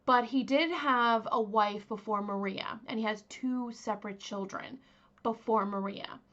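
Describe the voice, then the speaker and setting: A woman's voice: on the high side, a little slow, fairly bright tone, dull audio. A young woman casually telling a true crime story as host, chatty, with many fillers and asides to her viewers.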